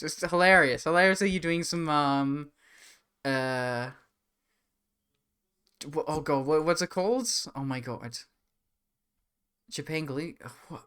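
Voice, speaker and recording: Bright, chatty male streamer. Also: a little high, smooth. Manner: rambling, chatty, reads chat aloud. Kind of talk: casual live-stream chat.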